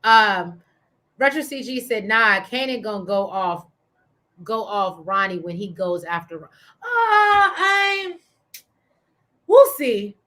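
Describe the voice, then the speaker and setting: A woman's voice: mid-range voice, lively intonation, unhurried, fairly bright tone. A woman co-hosting a casual TV recap show, reading viewer comments aloud and laughing as she talks.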